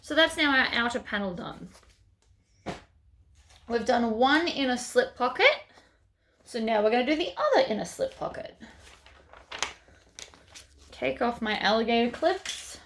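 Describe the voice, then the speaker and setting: Lady walking you through her sewing project, slightly high voice, bit of background hiss. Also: sing-song, measured pace, long pauses, a bit bright. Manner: chatty, talks through each step as she works. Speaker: sewing tutorial host. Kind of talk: casual step-by-step tutorial narration.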